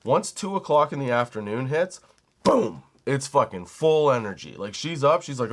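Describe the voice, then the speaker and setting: Young guy podcaster rambling on, animated and cussing a bunch. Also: medium pitch, moderate pace. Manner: rambling, animated, swears casually. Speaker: comedy podcast host. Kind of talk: casual storytelling monologue.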